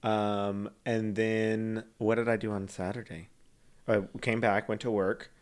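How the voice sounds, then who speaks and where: A man's voice: fairly low pitch, little pitch movement, unhurried, smooth. A man co-hosting a casual podcast, joking and chatty, often trailing off mid-sentence. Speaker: podcast co-host. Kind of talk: casual chat.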